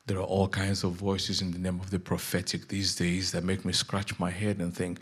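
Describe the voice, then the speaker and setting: A man preaching a sermon as pastor, telling a Bible story in a jokey, animated way with a husky voice. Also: low-pitched, moderate pace, hardly any pauses.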